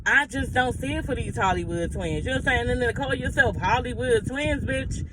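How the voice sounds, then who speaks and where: A man's voice: very high voice, fairly quick, background noise. A man giving a sassy, blunt, profanity-laced recap of reality TV drama in casual gossip style.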